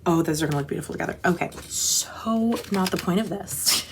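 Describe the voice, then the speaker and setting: A woman's voice: on the low side, brisk, background noise. A woman hosting a casual tarot chat, gushing and rambling, often breaking off mid-thought. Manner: gushing, chatty, rambling with self-interruptions. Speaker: tarot channel host.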